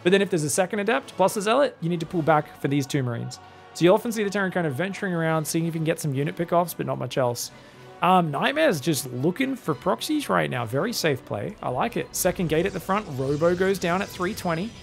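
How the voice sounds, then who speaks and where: An esports caster with an Australian accent commentates solo, chatty and joking, with teasing asides. His voice sits on the high side and is gravelly, animated, and fast, over soft background music.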